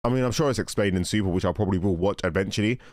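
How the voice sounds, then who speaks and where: A young man giving a casual, excited reaction commentary, often exclaiming and cutting himself off mid-sentence. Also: on the low side, rapid-fire, dry recording, clean studio sound. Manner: exclaiming, self-interrupting, laughing. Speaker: reaction video host.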